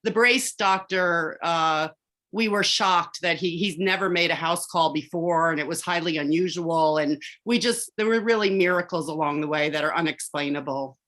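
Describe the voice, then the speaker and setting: A woman's voice: on the low side, moderate pace, a bit bright. Woman on a video call, casual, modest, matter-of-fact delivery. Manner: modest, grounded, plainspoken. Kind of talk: casual chat.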